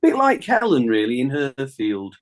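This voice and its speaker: A middle-aged man, a singer telling a lively anecdote in a radio interview and laughing often. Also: medium pitch, normal speed. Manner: chatty storyteller, laughs often, acts out phone calls. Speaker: guest singer. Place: radio studio.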